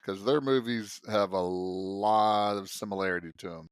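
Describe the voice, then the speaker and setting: A man's voice: fairly low pitch, moderate pace, clear, resonant tone, no room sound, studio quality. A man co-hosting a casual movie podcast, rambling and repeating himself as he works through a point. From American South. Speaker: podcast co-host.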